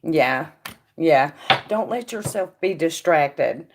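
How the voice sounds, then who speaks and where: Chatty low-voiced woman reading tarot. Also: expressive, slow, a little hiss or hum. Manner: chatty, addresses viewers by name; drops to a quiet murmur when asking the cards. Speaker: tarot reader and stream host. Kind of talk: casual live-stream tarot reading.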